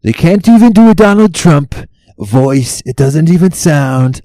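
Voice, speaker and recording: A man doing a shrill sneering critic. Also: lively intonation, measured pace, warm tone, no room sound, studio quality. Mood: mocking.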